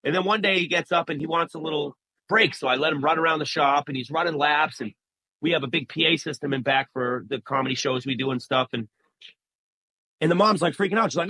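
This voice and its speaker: A man's voice: on the high side, quick pace, no echo, poor audio. A man, a barber, talking casually in an interview and acting out the people in his stories. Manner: animated storyteller, acts out quoted voices. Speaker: barber, guest.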